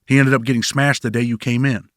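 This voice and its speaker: A man's voice: mid-range voice, flat delivery, fast, a bit bright, no room sound, clean studio sound, close to an everyday voice. A man voicing a tough, confident young inmate from Boston with a Boston accent and a sly manner. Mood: sly, blunt.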